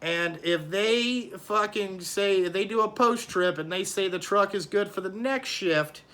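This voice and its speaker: A man's voice: sits high, unhurried, sharp tone. A middle-aged man who runs a trucking company, ranting bluntly and profanely about his drivers in a casual vlog.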